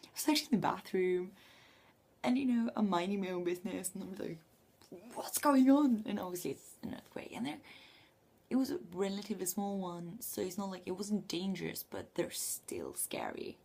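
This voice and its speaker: Young female vlogger, hushed late-night delivery, gravelly fry, casual cursing. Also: medium pitch, brisk. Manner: hushed, half-whispered, swears freely. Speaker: vlogger living abroad. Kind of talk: late-night whispered vlog storytelling. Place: her bedroom at night.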